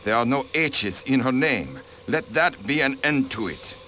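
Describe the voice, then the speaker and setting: An actor voicing a haughty aristocratic diplomat, a count, who answers in a cold, dismissive way, in a video game. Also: male voice, mid-range voice, lively intonation, measured pace, pushed and bright, slight background noise.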